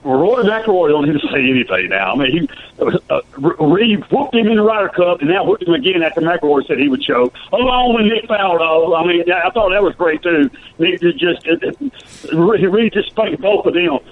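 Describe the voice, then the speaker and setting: A man calls into a sports radio show, pressing his point hard and insistently. His voice is high for a man. It comes through a tinny phone line. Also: lively intonation, normal speed, slight background noise. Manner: emphatic, argumentative, keeps saying "okay". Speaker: caller. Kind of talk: call-in radio talk.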